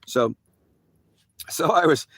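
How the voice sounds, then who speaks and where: A man's voice: on the high side, lively intonation, slow pace, fairly bright tone, slightly rough, dry recording. A man telling a rambling first-person story with slangy asides, acting out the dialogue in a raised voice. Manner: acts out quoted dialogue in a raised voice.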